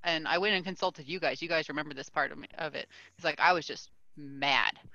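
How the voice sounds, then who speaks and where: A woman co-hosting a podcast, telling a story in an animated, swearing rant full of "like". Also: low-pitched, quick pace, gravelly, no echo, highs cut off. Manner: animated ranting with lots of "like" and swearing. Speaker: podcast co-host. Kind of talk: casual chat, storytelling.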